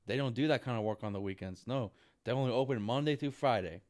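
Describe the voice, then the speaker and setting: A man's voice: medium pitch, fast, a little mellow. A man venting in a frustrated, repetitive monologue, swearing constantly and ending lines with "dude.". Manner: frustrated ranting, heavy swearing, repeats "dude". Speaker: vlogger.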